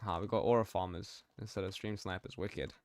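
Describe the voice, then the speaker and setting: A man's voice: low-pitched, fairly even intonation, fairly quick, smooth, no room sound. A young man streaming a game, chatting casually, reading out his chat and laughing often. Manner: slangy, reads chat aloud, laughs often.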